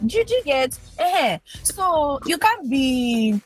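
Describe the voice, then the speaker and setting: A young adult woman guest on a podcast, talking frankly and emphatically in casual chat, with fast animated bursts. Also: sits high, faint music behind.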